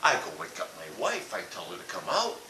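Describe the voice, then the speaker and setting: Guy ranting a funny story, super bright sharp voice, roomy echo from far off with hiss. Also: low-pitched, brisk. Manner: animated, blunt and profane. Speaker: comedic ranter. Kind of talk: comic storytelling rant. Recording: echoey room from far off with hiss.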